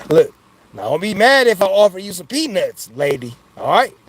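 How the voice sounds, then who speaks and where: Sitting high and sing-song at a normal speed, a man's voice leads a casual live chat full of jokes and frequent laughter with viewers. He keeps asking "you know what I'm saying," and the audio quality is poor.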